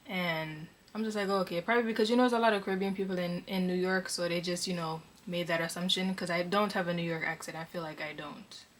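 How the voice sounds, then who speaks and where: A young woman from Connecticut, chatting casually as she answers viewer questions for her vlog, relaxed and filled with ums. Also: on the low side, fast talker, hardly any pauses, slight background noise. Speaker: vlogger. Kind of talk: casual Q&A chat.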